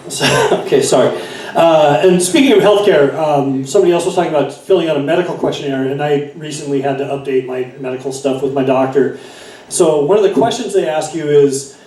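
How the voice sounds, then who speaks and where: A middle-aged man tells stand-up stories in a bar, rambling along with fillers and restarts. His voice sits a bit high. The sound is roomy and picked up from some distance. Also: mellow. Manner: rambling with fillers and self-corrections. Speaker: stand-up comedian. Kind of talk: stand-up set. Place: bar stage. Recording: echoey room from far off.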